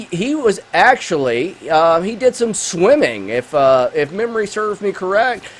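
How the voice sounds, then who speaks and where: On his gaming channel, a man mixes let's play commentary with a movie review, joking around excitedly and speaking right to his viewers. His voice runs on the high side.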